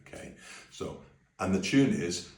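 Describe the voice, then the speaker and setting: A man's voice: deep voice, lively intonation, unhurried, creaky. A man teaching a song on video, explaining in a friendly, easygoing way and singing demonstrations. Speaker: music teacher. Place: room with a piano. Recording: echoey room, voice a little distant.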